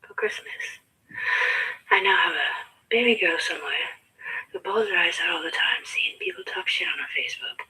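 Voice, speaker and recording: A woman's voice: on the low side, huge pitch swings, moderate pace, sharp tone, husky, poor audio. A woman talking to camera in a rambling, mostly whispered monologue that keeps repeating itself. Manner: repetitive, insistent.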